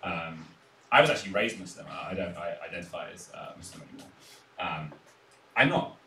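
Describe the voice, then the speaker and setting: A young English man doing a stand-up set, self-deprecating, chuckling between lines and filling pauses with "uh" and "um". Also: low voice, animated, sharp tone. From England. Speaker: stand-up comedian. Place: small comedy room on a live stream. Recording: echoey room, distant mic, audible noise.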